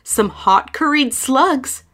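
Woman reading a kids rhyming book out loud, high voice, slow and singsongy. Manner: lively, sing-song rhyming delivery. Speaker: storyteller. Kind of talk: reading a children's picture book aloud.

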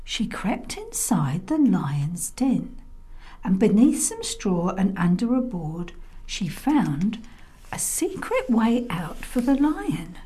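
Slow, expressive woman storyteller. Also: mid-range voice. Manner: softly whispered in places, expressive. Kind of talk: children's story narration.

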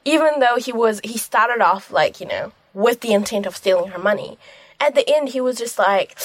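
A woman's voice: a little high, lively intonation, moderate pace, no echo. A young woman chatting casually about a film she loves. She gushes and rambles, with plenty of fillers. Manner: gushing, rambling, many fillers. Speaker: film reviewer. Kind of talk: casual vlog chat.

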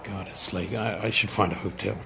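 A man's voice: low-pitched, fairly even intonation, fairly quick, gravelly, pushed and bright, full character voice. A man reading as a weary insomniac guy. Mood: subdued. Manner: hesitant, subdued. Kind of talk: radio scene reading.

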